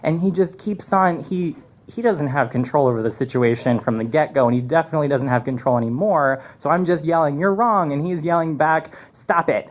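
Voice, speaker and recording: A man performs a story live on stage through a mic, loose and animated, looping back with fillers and restarts instead of delivering a polished read. His voice is fairly high and fairly quick, with a slight hiss or hum in the audio.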